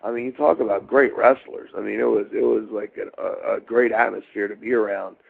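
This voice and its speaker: A man's voice: lowish voice, fairly even intonation, fairly quick, vocal fry, breathy edge. A middle-aged man from Baltimore, a former wrestler, telling rambling, meandering stories in an interview. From Baltimore, USA. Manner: meandering, full of fillers and restarts. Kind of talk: rambling shoot interview storytelling. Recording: phone-like interview line.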